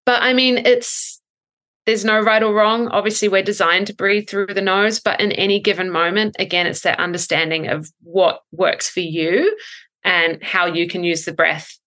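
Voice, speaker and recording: A woman in her thirties, a breathwork coach, explaining thoughtfully in a podcast interview with frequent ums and soft laughs. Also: medium pitch, fairly even intonation, normal speed.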